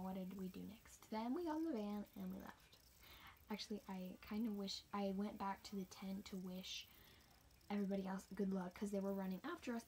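A woman's voice: medium pitch, a little mellow, a little hiss or hum. Chatty young woman telling a story. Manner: chatty, rambling, drops into whispers. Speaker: homeschooled cross-country runner. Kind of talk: casual storytime.

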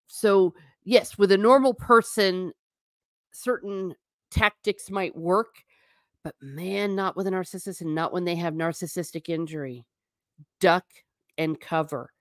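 A woman's voice: medium pitch, normal speed, dry recording, clean studio sound. A woman hosting a casual livestream, talking through a topic and answering viewer comments, sometimes slipping into a stern teacher tone. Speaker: livestream host.

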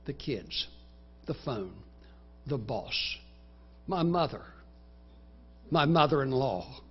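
A man preaching a sermon in a church, dramatically acting out inner voices in the first person and reciting scripture in slow, measured phrases. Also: mid-range voice, lively intonation, husky, highs cut off. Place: church sanctuary.

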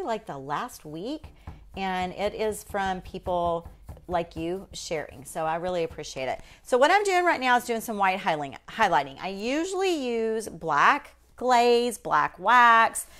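A woman's voice: medium pitch, fairly bright tone. A woman hosting a casual live painting demonstration, chatting folksily with viewers.

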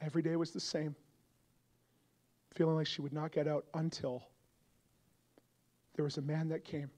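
A young adult man preaching a revival sermon, moving from quiet storytelling to loud, impassioned appeals. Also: level tone, moderate pace. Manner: builds from soft storytelling to loud, high-pitched fervor.

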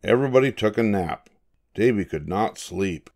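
An older man reading a children's picture book aloud, slow and expressive like a grandfather. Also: fairly low pitch, creaky. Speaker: storybook reader.

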